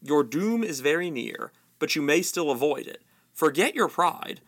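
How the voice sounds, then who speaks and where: A majestic male lion, calm and grave, speaking in a quiet, measured storybook voice, as a man reading aloud puts him on. His tone carries a gravelly edge and a clear, bright ring. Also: a little high, heavily acted. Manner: quiet, solemn, measured delivery.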